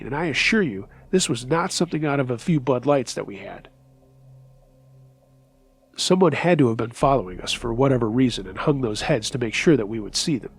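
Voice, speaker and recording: A man narrating true scary stories as the host of a horror story show, reading in a measured, steady voice. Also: medium pitch, slightly rough.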